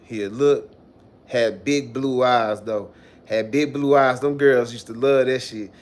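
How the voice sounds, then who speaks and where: Animated, profane man telling a story. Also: mid-range voice, takes it slowly. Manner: animated, profane storytelling with slangy speech and acted-out quotes. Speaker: livestream host. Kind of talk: casual storytelling to a live chat.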